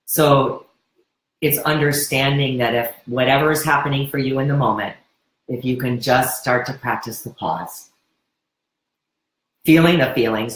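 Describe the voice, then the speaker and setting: A woman's voice: very deep voice, steady tone, moderate pace. Woman host giving wellness advice, encouraging, keeps restarting sentences, echoey room. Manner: earnest, encouraging, many restarts. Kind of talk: live webinar Q&A. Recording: roomy echo.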